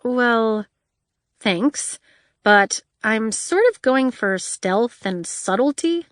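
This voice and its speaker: Woman reading a wry deadpan young girl, a bit higher pitched, no room sound. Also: drawn-out words, no room sound, studio quality. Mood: hesitant. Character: young woman inventor, wary and dry-witted.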